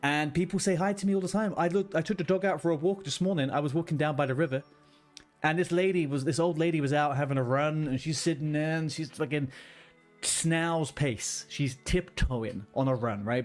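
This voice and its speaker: A man's voice: on the high side, a little fast, faint music behind. Ranting streamer guy. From London, England. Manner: chatty, ranting, swears freely. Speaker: livestreamer. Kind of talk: casual chat with viewers. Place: home room with a blue wall.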